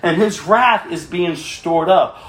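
Pastor, male, high voice, passionate sermon delivery in a roomy hall. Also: slow pace. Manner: impassioned, swinging between cries and quiet pleading.

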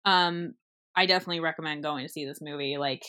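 A young woman in casual chat about a movie, retelling scenes with lively quoted lines and frequent fillers. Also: sits low, fast talker. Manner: animated storytelling, acting out quoted lines. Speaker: movie reviewer.

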